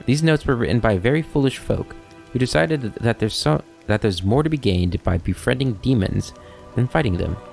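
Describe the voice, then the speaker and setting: A man's voice: mid-range voice, expressive, normal speed, gravelly, a little mellow, soft background music. A man voicing a sly, talkative male kobold schemer with a wry, rambling, mock-innocent manner.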